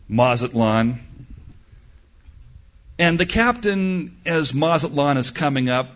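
A man's voice: mid-range voice, fairly bright tone, dull audio. A man preaching a sermon to a crowd in an outdoor amphitheater, emphatic and building, often acting out doubtful listeners' replies.

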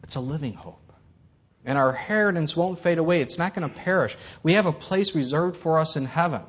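A man's voice: a little high, a little fast, slightly rough, muffled recording. A man preaching a conversational sermon, acting out the voices in Bible stories. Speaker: pastor.

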